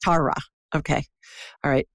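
A woman's voice: sits low, steady tone, normal speed, gravelly, no echo, studio quality. A woman from Ohio hosting a call-in show, chatty and digressive, talking to a caller. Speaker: intuitive show host. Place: Birmingham.

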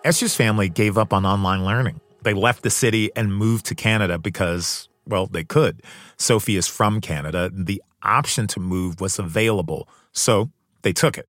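A man hosting a podcast, giving measured, earnest scripted narration. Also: on the low side, fairly bright tone, no echo, clean studio sound. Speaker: podcast host.

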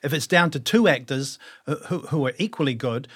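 A middle-aged man with a New Zealand accent, a guest actor, reflects in a casual interview. His mid-range voice is fairly bright, slightly rough and a little fast, and his reflective, self-deprecating talk is full of restarted sentences.

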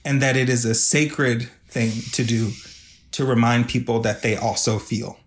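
A man guest on a podcast who speaks earnestly and reflectively, with his feelings close to the surface. His voice sits in an everyday middle pitch, and he talks with an unguarded, heartfelt manner. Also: steady tone, measured pace, a little hiss or hum. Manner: earnest, reflective, openly emotional. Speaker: podcast guest, video artist. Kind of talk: casual podcast conversation.

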